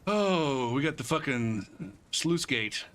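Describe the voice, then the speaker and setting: A man's voice: medium pitch, lively intonation, takes it slowly, fairly bright tone, slight background noise. A male streamer chatting casually with his viewers while playing, arguing and swearing freely. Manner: argumentative, bantering with chat. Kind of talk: casual live-stream chat while gaming.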